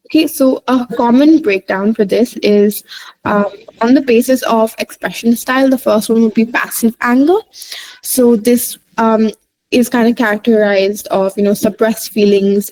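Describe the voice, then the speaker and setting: Woman psychologist, warm mellow tone, informal explainer, filler-heavy delivery. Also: a little high, low-quality recording. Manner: many fillers, lists points with "right?".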